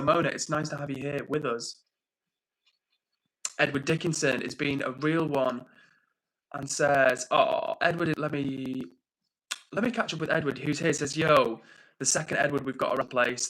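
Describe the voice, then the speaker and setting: A young British man runs a livestream and chats easily while reading viewer comments aloud. His voice is very bright and sharp, a little higher than most men's, and his delivery stays upbeat and friendly. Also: poor audio. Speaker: livestream host. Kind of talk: casual chat reading out live comments.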